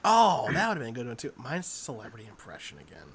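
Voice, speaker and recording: A young man co-hosting a podcast in casual chat, teasing and quick to laugh. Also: mid-range voice, huge pitch swings, a crowd in the background. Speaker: podcast co-host.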